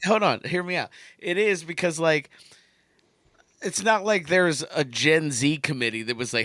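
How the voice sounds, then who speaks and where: Guy almost forty going off on a podcast, swears a lot, bright sharp voice, dry close sound. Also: fairly high pitch, normal speed, no room sound. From United States. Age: late 30s. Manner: animated, profane, acts out voices mid-rant. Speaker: podcast co-host. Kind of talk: casual chat.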